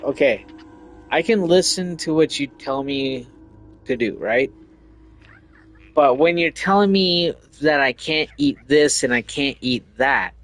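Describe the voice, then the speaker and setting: A man chatting while he games, joking and cursing freely. His voice sits a bit high and his pace is unhurried. The sound is dry and close, with faint music underneath. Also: rough recording. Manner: profane, joking, laughs often. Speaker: gamer streaming with friends. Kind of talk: casual chat while gaming.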